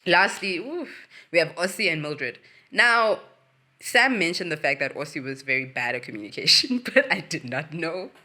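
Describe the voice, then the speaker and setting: Bright-voiced, animated woman ranting casually. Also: moderate pace. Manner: animated, swears freely, rants with big swings in pitch. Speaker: host. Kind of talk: casual reality-show recap.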